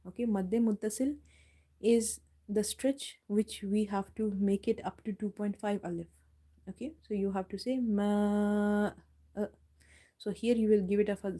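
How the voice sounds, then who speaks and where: A woman teaching Quran recitation, spelling out each letter and vowel slowly and patiently. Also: mid-range voice, steady tone, mellow. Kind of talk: tajweed lesson.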